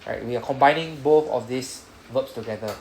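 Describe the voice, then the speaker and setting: A man's voice: mid-range voice, brisk, gravelly, darkish tone. A man with a Singaporean English accent teaching a Japanese class, who ends nearly every sentence with "right?". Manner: says "right?" after nearly every sentence, coaching students. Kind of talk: classroom lesson explaining grammar. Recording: echoey classroom with background noise.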